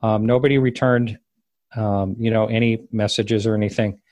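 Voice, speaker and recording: A man recounting a personal story as an interview guest, rambling and halting and often correcting himself. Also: lowish voice, fairly even intonation, darkish tone, dry recording. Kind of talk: casual spoken recollection.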